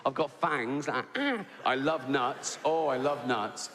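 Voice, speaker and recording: A man's voice: mid-range voice, steady tone, a little slow, fairly bright tone. A man doing a rambling, playful stand-up routine in a large theatre. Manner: rambling, playful storytelling with crude voices. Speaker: stand-up comedian. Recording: live hall with long reverb and background noise.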